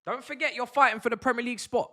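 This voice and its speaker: A man's voice: extremely high pitch, steady tone, very fast, bright, forceful tone. A young man chatting through a live football watch-along, full of slang and banter with his chat.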